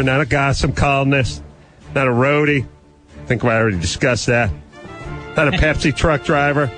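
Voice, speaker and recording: A man's voice: on the high side, fairly bright tone, close to an everyday voice. A man playing a pompous, blunt male radio advice host who boasts that he tells it how it is and rattles off long lists of what he is not. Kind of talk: comedy character bit with callers.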